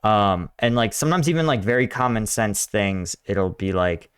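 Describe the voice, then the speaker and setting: A man's voice: on the low side, moderate pace, clear, resonant tone. An American man hosting a reaction video, talking casually with lots of fillers and laughing along. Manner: chatty, laughs often, talks with many fillers.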